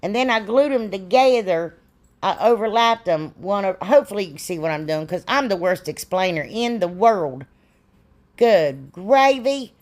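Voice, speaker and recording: A woman's voice: medium pitch, expressive, normal speed, a little mellow. A middle-aged woman, rambling and self-deprecating as she explains a craft in a casual tutorial. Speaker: DIY crafts channel host.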